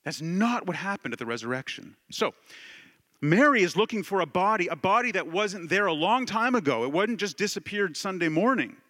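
Conversational preaching man, fairly high voice. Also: expressive, fairly quick, bright, forceful tone. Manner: conversational preaching, acts out voices, rhetorical questions. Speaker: pastor. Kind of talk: sermon.

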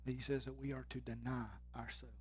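This preacher reads scripture in a husky voice, fairly quickly and with little pitch movement, growing more intense and then going low and quiet to drive his points home.

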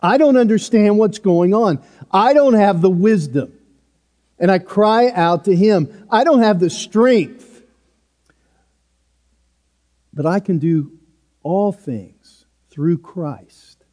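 A man's voice: high voice, lively intonation, slow, dark tone, big-room sound. A man preaching a sermon as pastor, earnest and emphatic, driving points home with repeated short phrases.

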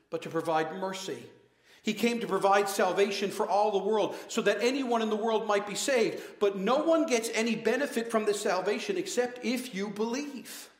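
A man's voice: high-pitched, a bit bright. A man preaching a passionate sermon to his congregation, full of rhetorical questions. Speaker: pastor. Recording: echoey church hall.

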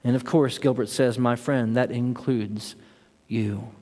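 A man's voice: mid-range voice, fairly even intonation, measured pace, dark tone. A man preaching a sermon as pastor, earnest and building to impassioned emphasis. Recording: long hall reverb.

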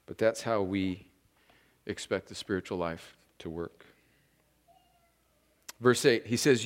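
A man's voice: lowish voice, slow, long pauses. A pastor from Southern California preaching an earnest, conversational sermon that often turns to his listeners as friends. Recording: long reverb of a large hall.

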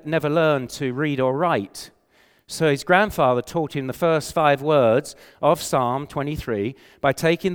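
An older man preaching a sermon with earnest conviction, slowing and softening when he quotes scripture. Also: medium pitch, clean tone. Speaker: pastor. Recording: reverberant hall.

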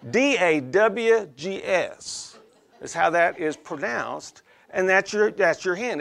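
A man's voice: high voice, lively intonation, slow, vocal fry, a bit bright. A man preaching an expository sermon in a folksy, conversational way, often checking in with his listeners. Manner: folksy, conversational, frequent "okay?" check-ins.

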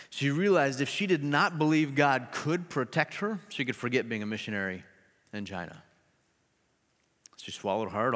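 A man preaches a sermon and tells a story with animated delivery and playful asides. His voice sits at a middle pitch. A long reverb rolls through a big hall behind every phrase. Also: normal speed. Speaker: pastor.

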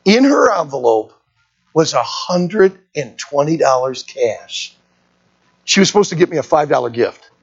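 Pastor, sermon; husky, very animated pitch; asks the room questions. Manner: animated storytelling preacher, rhetorical questions to the congregation. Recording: dull lo-fi recording.

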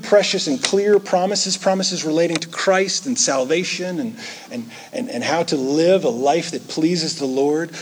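A man's voice: on the high side, a little hiss or hum. Earnest man preaching a sermon. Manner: earnest preaching, voice rising into animated quoted asides. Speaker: pastor.

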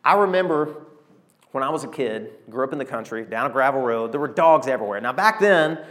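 A man, preaching a sermon and telling stories with animated, emotional delivery. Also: medium pitch, brisk. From Arkansas, USA. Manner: animated storytelling preacher, emotional, calls to the congregation. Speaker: pastor.

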